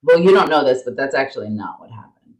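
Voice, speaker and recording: A woman's voice: rumbling low, animated, fast talker, a little mellow. A woman co-hosting a podcast, chatting casually and dryly setting the record straight. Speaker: podcast co-host. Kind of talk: casual chat. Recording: roomy echo.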